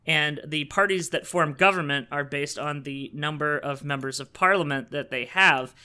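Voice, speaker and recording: A man from Canada with a high, bright, tense voice, chatting on a podcast. He explains things earnestly and drops dry asides. The talk is loose and conversational. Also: moderate pace, clear, resonant tone. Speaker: podcast co-host. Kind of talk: casual chat.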